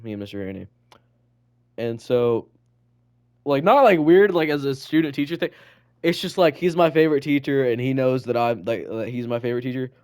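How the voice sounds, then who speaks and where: A man's voice: medium pitch, a little fast, darkish tone, clear, resonant tone. A teenage boy co-hosting a student podcast, telling rambling stories in casual chat full of "like" and swearing. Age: teens.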